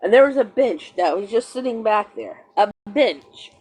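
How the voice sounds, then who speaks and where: A woman's voice: fairly high pitch, animated, normal speed, darkish tone, slightly rough. A middle-aged woman hosting a livestream, telling stories in casual chat and greeting viewers. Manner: chatty storyteller, greets viewers. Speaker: livestream host.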